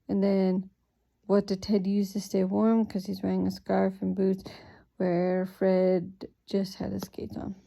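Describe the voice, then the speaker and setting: Sleepy woman with a gravelly dark voice. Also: medium pitch, a little slow. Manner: relaxed, thinks aloud with fillers. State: sleepy, yawning. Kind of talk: reading aloud and explaining teaching prompts.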